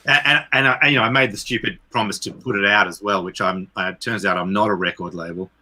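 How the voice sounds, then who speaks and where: A man with a low but very bright, forceful voice, a composer guesting on a podcast. He tells stories in a rambling, self-deprecating way, stopping and restarting often. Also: steady tone, fast. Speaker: composer and producer, interview guest. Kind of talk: casual storytelling.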